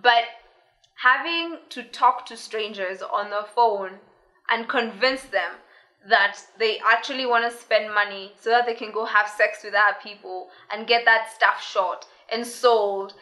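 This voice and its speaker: Bright-voiced young woman telling a story. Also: on the high side, unhurried. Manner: lively, laughs often, acts out quoted voices. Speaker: vlogger. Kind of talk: casual storytelling.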